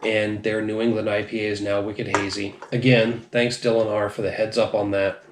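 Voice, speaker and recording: A man's voice: on the low side, little pitch movement, normal speed, noisy background. A man hosting a casual beer review, tipsy and rambling, swearing and laughing as he talks. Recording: echoey room.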